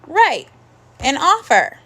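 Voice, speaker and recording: A woman teaching a first grade phonics lesson, slowly sounding out words and praising the children. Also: sits high, wildly swooping pitch, sharp tone. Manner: slow, clear, encouraging teacher talk with drawn-out sounds.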